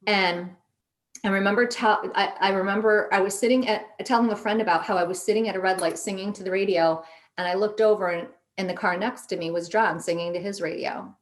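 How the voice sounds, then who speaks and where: A middle-aged woman recounting a personal story in easygoing conversation. She talks at a medium pitch and keeps it animated, jumping up when she quotes herself or a friend. The tone stays relaxed and chatty throughout. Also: brisk. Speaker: podcast guest. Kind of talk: casual storytelling.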